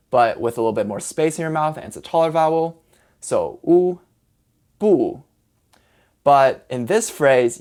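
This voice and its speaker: Pronunciation lesson, casual teacher, slow sounded-out syllables, friendly step-by-step explaining. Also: mid-range voice, a little mellow. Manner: casual and friendly, with fillers like "kind of" and "like". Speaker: language teacher.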